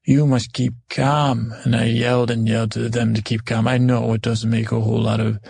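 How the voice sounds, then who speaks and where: A man's voice: mid-range voice, monotone, fast, vocal fry, a little mellow, breathy edge. A man playing a tabletop role-playing game, recounting his turn in a rambling way with many restarts. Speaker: player.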